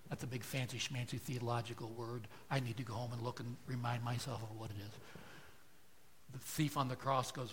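A man preaching a sermon to a congregation, asking rhetorical questions and moving between hushed, soft passages and loud, emphatic lines. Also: medium pitch, steady tone, normal speed, a little hiss or hum. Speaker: pastor. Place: church.

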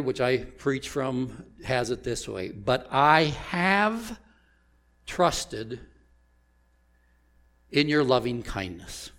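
At medium pitch, a man delivers a sermon as pastor, taking it slowly and deliberately. He puts rhetorical questions to his congregation.

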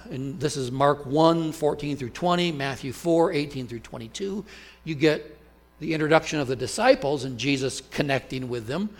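Earnest male pastor preaching a sermon. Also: a little high. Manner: earnest, emphatic, asks the congregation questions. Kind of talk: expository sermon.

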